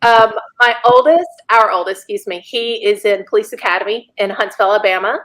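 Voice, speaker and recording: A woman, a podcast guest telling a personal story in a lively way and laughing often. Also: medium pitch, brisk. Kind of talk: casual storytelling.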